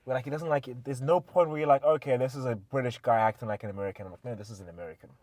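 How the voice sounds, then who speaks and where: A man co-hosting a casual podcast, reacting with quick, bouncy exclamations. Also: medium pitch, a little mellow, no echo. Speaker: podcast co-host.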